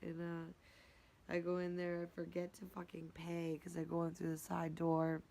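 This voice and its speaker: In a casual daily recap vlog, a young fitness instructor rambles through her day, cursing and frequently slipping into a whisper. Her lowish, creaky, mellow voice is completely flat and measured in pace, captured on a low-quality recording.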